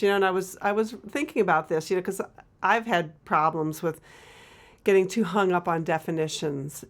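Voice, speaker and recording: A woman co-hosting a TV talk show, explaining ideas thoughtfully with frequent pauses and restarts. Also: lowish voice. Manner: thoughtful, hesitant, many fillers and restarts. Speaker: co-host and author. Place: local TV studio.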